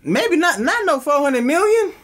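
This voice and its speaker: A man's voice: extremely high pitch, sing-song, moderate pace, a bit bright. A man co-hosting a casual sports chat, giving blunt, opinionated takes on players. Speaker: podcast co-host.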